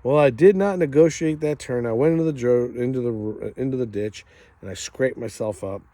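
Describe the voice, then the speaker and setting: A middle-aged man hosts and tells a funny story in a casual way. He chuckles as he goes and acts out the other people with big jumps in pitch. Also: moderate pace, warm tone, no room sound. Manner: chuckles through the telling. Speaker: host.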